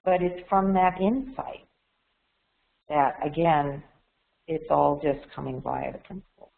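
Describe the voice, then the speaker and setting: A woman's voice: sits low, unhurried, vocal fry. Candid woman speaker over a tinny line. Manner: candid, repeats words and restarts often. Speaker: webinar speaker. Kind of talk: reflective talk on a webinar.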